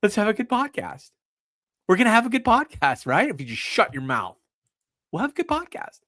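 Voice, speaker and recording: A man's voice: sits high, huge pitch swings, brisk, pushed and bright, dry recording, studio quality, voice pushed up, heavily acted. A man doing an impression of a pushy, brash man who bosses his podcast partner around. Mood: bossy. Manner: aggressive, repetitive, rising insistence.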